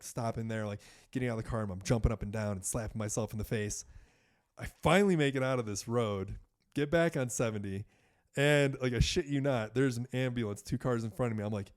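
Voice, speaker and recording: A man guesting on a podcast tells a story in a loose, casual way. He talks at an ordinary middle pitch, peppers his speech with fillers and the odd curse, and keeps the telling animated. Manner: animated, many fillers, swears.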